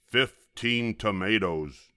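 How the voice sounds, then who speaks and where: A man's voice: low voice, lively intonation, takes it slowly, fairly bright tone, no echo, studio quality, heavily acted. A man voicing a grumpy, bossy male varmint who snarls and growls his orders, in a storybook reading.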